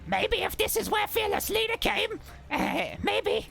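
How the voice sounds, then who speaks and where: A man voicing an eager, nervous little male kobold guide who talks in squeaky, broken phrases. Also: lively intonation, unhurried, gravelly, pushed and bright, soft background music, heavily acted. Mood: reassuring.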